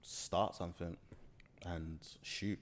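A man's voice: low-pitched, steady tone, slow pace. Rambling young London man, slangy. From South London. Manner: rambling, slangy, restarts often. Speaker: guest filmmaker. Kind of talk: casual interview chat.

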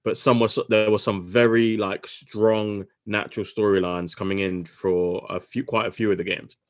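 A man hosting a casual sports podcast, talking quickly and correcting himself as he goes. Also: lowish voice, flat delivery. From United Kingdom. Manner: quick, self-correcting, talks over himself. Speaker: podcast host.

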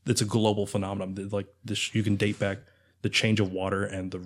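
A man's voice: on the low side, little pitch movement, fairly quick. A young man co-hosting a casual podcast chat, rambling with lots of filler words. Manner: rambling, heavy use of filler "like". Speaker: podcast co-host.

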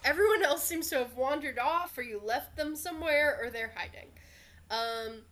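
A woman running a tabletop game as game master, narrating with frequent fillers. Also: high-pitched. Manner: slow, relaxed narration with many fillers.

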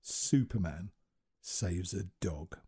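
A man's voice: slow, vocal fry, husky, exaggerated voice. A man muttering as a winded, out-of-shape guy. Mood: weary muttering. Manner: low, quiet muttered asides.

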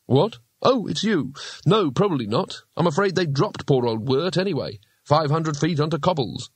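A man voicing a cowardly failed wizard who speaks wryly and evasively, slightly above his own pitch. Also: expressive, moderate pace, husky, no echo.

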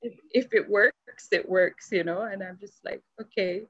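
A woman's voice: medium pitch, measured pace, a bit bright, slightly rough. Woman guest on a dull lo-fi line. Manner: rambling, laughs often, many fillers. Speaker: podcast guest. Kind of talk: candid conversational interview. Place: at home. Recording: dull lo-fi call audio.

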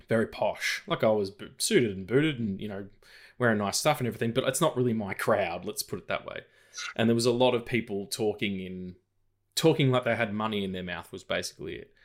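A man's voice: on the low side, fairly bright tone. A man, co-hosting a casual film podcast, rambling with lots of fillers and restarts. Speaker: podcast co-host.

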